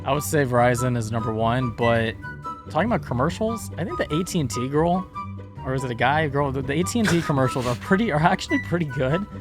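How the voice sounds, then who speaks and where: A young man on a podcast, telling a story in a casual, animated way and acting out his coworkers' lines. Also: mid-range voice, fast, over music. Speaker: podcast guest. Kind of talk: casual chat.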